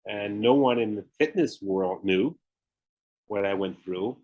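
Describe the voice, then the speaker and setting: A man's voice: on the low side, measured pace, lo-fi sound. A man with a Southern US accent, a guest on a podcast, telling his story candidly and laughing often. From Memphis, Tennessee, US Southern. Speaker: guest, retired pro bodybuilder and author. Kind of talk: podcast interview.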